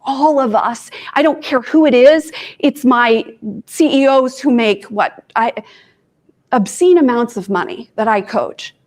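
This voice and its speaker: A woman's voice: a little high, measured pace, darkish tone. A woman life coach from Kansas giving an informal talk to students, chatty and self-deprecating, with asides to her audience.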